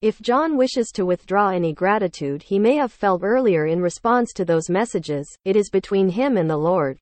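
A woman reading a written church rebuttal aloud in a measured, formal way. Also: mid-range voice, no echo. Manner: measured, formal, even delivery.

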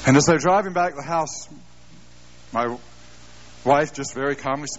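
Middle-aged male preacher, fairly high voice, animated and self-mocking, muffled old recording. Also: takes it slowly, pauses often, a little hiss or hum. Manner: animated storytelling with self-deprecating humor. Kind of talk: sermon. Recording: dull lo-fi live sermon tape.

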